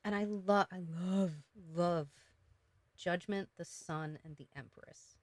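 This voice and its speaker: A woman giving a casual, emotional tarot reading, talking gently with many fillers and restarts. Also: fairly low pitch, takes it slowly, dry recording. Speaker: tarot reader.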